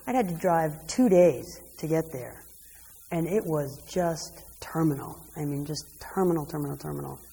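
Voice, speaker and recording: A woman's voice: lowish voice, dark tone, big-room sound, slight background noise, rough recording. A woman speaking earnestly and reflectively in casual conversation. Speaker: co-host and wife.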